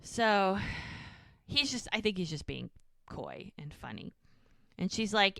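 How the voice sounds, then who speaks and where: Female podcast co-host, chatty recapper, bright clear voice, dry close mic. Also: medium pitch, no room sound. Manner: animated, quotes characters in quick bits, chatty asides. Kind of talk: casual chat, retelling scenes.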